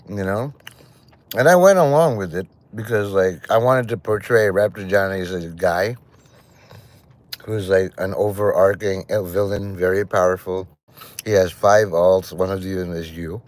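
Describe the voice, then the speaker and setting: A man's voice: on the low side, a little slow, no echo. A man chatting casually and joking as he rambles through a livestream. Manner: rambling, joking, lively intonation. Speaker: livestream host.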